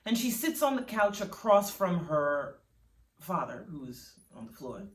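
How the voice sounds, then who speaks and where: Woman storyteller, low voice, casual unhurried narration, echoey room. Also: very animated. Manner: conversational, unhurried, with fillers like "you know". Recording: roomy sound from a distant mic.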